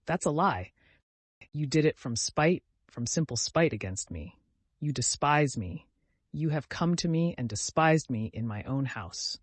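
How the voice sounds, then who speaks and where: A man's voice: on the high side, expressive, measured pace, no room sound. A man voicing a drunken, lecherous old father who rambles and picks quarrels. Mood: drunken quarrelsome.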